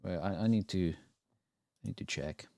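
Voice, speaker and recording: Slow-talking laid-back young man. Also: low voice, vocal fry, dark tone, no room sound, clean studio sound. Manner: laid-back, swears casually, laughs often. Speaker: livestream host. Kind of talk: casual reaction-stream chat.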